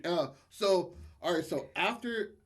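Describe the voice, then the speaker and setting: Slangy man with a slightly high voice. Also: expressive, a little slow. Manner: slangy, loose, full of fillers and laughs. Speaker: podcast co-host. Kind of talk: casual storytelling chat.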